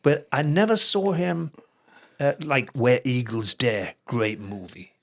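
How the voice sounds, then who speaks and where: A man's voice: medium pitch, slow, fairly bright tone. Rambling English man from the northeast. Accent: Geordie English. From England. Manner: rambling, digressive storyteller, laughs often. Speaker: guest musician. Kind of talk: casual interview chat.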